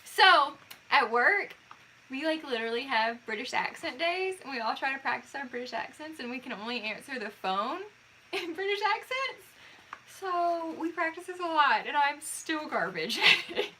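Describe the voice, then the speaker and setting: Giggly Southern woman, high and bright. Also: very animated, normal speed, slight background noise. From Alabama, US. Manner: giggly, rambling, chatty. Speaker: trivia show co-host. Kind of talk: casual live-stream trivia chat.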